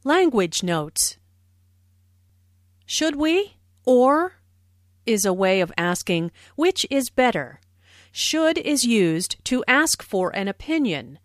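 A woman slowly explaining English phrases in a scripted language lesson. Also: fairly high pitch, big pitch swings, no room sound, studio quality. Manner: slow, careful explanation. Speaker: language teacher.

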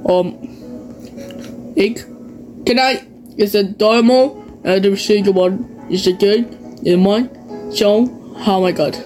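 A woman streaming a game, talking in halting bits that trail off and breaking into loud squeals and curses. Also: mid-range voice, faint music behind, rough recording. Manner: loud sudden squeals and swearing. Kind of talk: excited gameplay commentary.

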